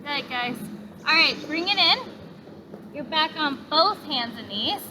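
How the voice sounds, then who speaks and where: A young woman with a bright, high voice leads a gentle yoga class outdoors, calmly cueing each breath and stretch with steady encouragement. Traffic and open-air noise sit clearly behind her. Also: a little slow. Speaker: yoga instructor. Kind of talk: guided yoga class instruction. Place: outdoors in a park.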